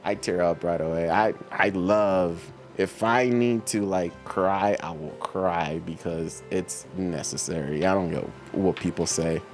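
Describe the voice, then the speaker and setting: A man's voice: deep voice, a little slow, few pauses, soft background music. A middle-aged man hosting a livestream, chatting casually with viewers in a laid-back, slangy way and laughing often. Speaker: livestream host reading chat. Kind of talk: casual chat reading viewer comments.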